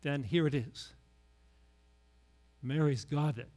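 A middle-aged male pastor giving a conversational sermon, sinking to hushed low tones and rising to loud emphasis. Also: lively intonation, takes it slowly, long pauses.

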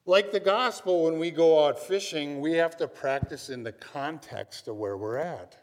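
A man's voice: a little high, moderate pace. A man from Minnesota preaching a sermon, telling stories in a conversational way and often checking in with "right?". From Minnesota, USA. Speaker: pastor. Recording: long hall reverb.

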